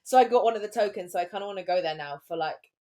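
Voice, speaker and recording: Podcast co-host: young woman, rapid chatty storyteller, filler-heavy casual delivery. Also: medium pitch, heavy background noise. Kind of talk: casual chat.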